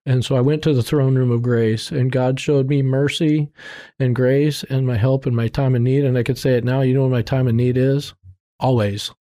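This is a middle-aged man giving his testimony in an interview, telling his life story with sincerity and plain faith. His mid-range voice is mellow with fairly even intonation at normal speed, and his earnest account rambles, restarts, and includes quotes of himself.

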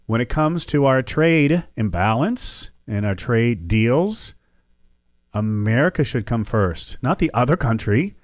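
A man hosting a political talk show, giving animated, opinionated commentary and mocking his opponents. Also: mid-range voice, no echo, clean studio sound.

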